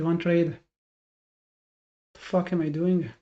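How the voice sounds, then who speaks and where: A man's voice: high voice, steady tone, measured pace, pauses often, darkish tone. A man streaming his live day trading and talking to his chat, frustrated and self-critical, thinking aloud with many restarts. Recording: dull lo-fi sound.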